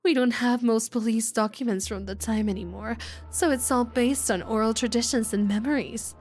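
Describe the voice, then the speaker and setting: A woman voicing a composed adult female researcher in a visual novel readalong, speaking in a measured, lecturing way. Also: a little high, fairly even intonation, a little mellow, close to an everyday voice. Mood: calm.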